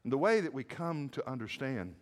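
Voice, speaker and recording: A man preaching a dramatic sermon as a story, swinging from hushed murmurs to shouts. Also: medium pitch, big pitch swings, brisk. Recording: echoey hall with long reverb.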